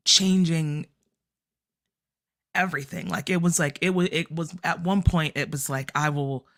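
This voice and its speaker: A woman on a convention panel telling a personal story in a slow, heartfelt way. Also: low voice, fairly bright tone.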